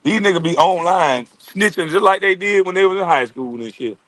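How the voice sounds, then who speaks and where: A man on a live stream rants casually and profanely, laughing and doing mocking impressions of others. His high voice is a bit bright and brisk, with no echo.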